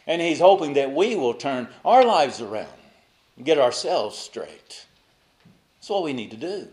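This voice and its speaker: Delivering a sermon a little slowly, a male pastor with a higher voice uses big pitch swings. He alternates between emphatic, loud lines and soft asides while asking the congregation rhetorical questions.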